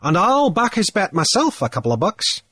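A man's voice: high-pitched, huge pitch swings, normal speed, fairly bright tone, slightly rough, no room sound, clean studio sound, pitched above the performer's own voice, exaggerated voice. A man reading the part of a genial, good-humoured man who speaks in an easygoing, joking way.

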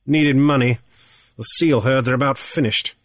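A man doing a gruff, dangerous sea captain. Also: mid-range voice, steady tone, normal speed, no room sound, studio quality, voice pushed up, natural voice. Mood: guarded, blunt. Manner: gruff and blunt. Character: hard, dangerous adult male sea captain. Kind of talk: audiobook character voice.

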